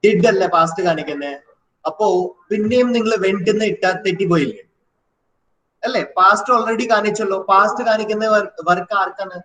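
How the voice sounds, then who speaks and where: A male grammar teacher quizzing his class with rapid questions, switching between English, Malayalam and Hindi. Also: high voice, fairly bright tone. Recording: echoey classroom.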